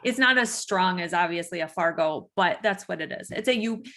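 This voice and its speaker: A woman's voice: on the low side, lively intonation, a little fast, fairly bright tone. A woman from Michigan with a Midwestern accent tinged by Minnesotan vowels, chatting casually as an interview guest. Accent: Michigan with Minnesotan touches. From lower Michigan. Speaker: funeral director, interview guest.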